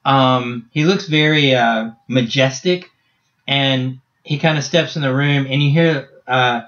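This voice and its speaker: A man narrating as game master of a tabletop game, halting with many restarts. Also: medium pitch, fairly bright tone, highs cut off.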